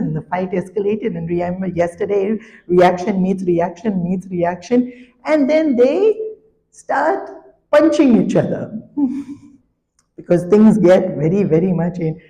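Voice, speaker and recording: A woman spiritual teacher giving a sermon, telling a story with animated, laughing delivery. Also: medium pitch, measured pace, long reverb tail.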